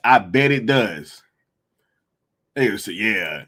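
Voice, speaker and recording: A young man hosting a live stream, chatting casually and mocking online critics in slangy, animated talk with frequent laughter. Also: fairly low pitch, takes it slowly, pauses often.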